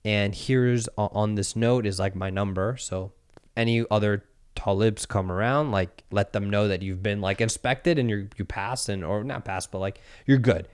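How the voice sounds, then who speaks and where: A man's voice: on the low side, normal speed, smooth. A man in his thirties hosting a podcast, telling a story casually and acting out the voices with some swearing. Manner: animated storyteller, acts out quotes, swears. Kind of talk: casual chat.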